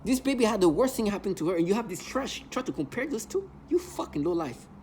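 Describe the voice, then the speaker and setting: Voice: medium pitch, very animated, quick pace, a little mellow, slight background noise. A vlogger ranting in an agitated, emotional monologue, hurling repeated insults.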